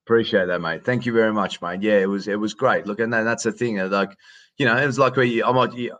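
Chatty Australian man, deep. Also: quick pace, dry recording, lo-fi sound. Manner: warm, says mate often, repeats words. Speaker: guest, sports announcer. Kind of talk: casual conversation over a call. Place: hotel quarantine room.

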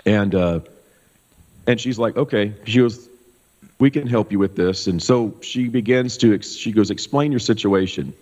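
A middle-aged pastor from Kansas telling a personal story in a loose, animated way, full of fillers. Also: male voice, fairly low pitch, normal speed. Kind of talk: casual storytelling testimony. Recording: dull sound with long hall reverb.

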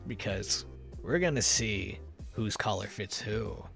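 A man chatting casually on a live stream, animated and giggly, rambling with restarts. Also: fairly low pitch, slow, vocal fry, soft background music. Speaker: VTuber streamer.

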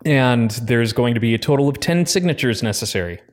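A man's voice: medium pitch, animated, a little fast. A young man in casual chat, telling rambling stories full of fillers and restarts. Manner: rambling, filler-heavy storytelling.

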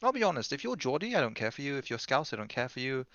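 A man with a London accent, co-hosting a podcast in casual chat, loud and teasing in playful banter. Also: medium pitch, very animated, fast, no echo. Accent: London English. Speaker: podcast co-host. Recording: dull lo-fi dry sound.

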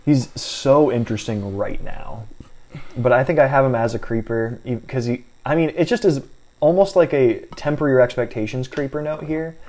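A man co-hosting a casual fantasy baseball chat, walking through stats with a measured, hedging delivery and frequent restarts. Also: mid-range voice, a little mellow. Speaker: fantasy baseball podcast co-host. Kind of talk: casual analytical sports chat.

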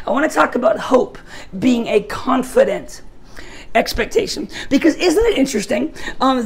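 A woman preaches to a youth group in a high, somewhat husky voice. She jokes at her own expense and keeps the sermon light. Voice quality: high-pitched. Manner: joking, self-mocking storyteller. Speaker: youth pastor.

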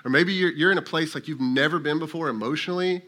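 A man's voice: fairly high pitch, fast, bright, forceful tone. A male lead pastor preaching a sermon in a casual, conversational way, sometimes acting out voices of God and Elijah.

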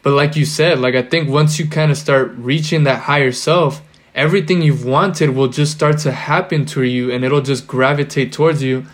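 A man's voice: mid-range voice, fairly even intonation, normal speed. A young man in casual podcast chat, rambling with lots of filler words and loose slang. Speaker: podcast guest or co-host.

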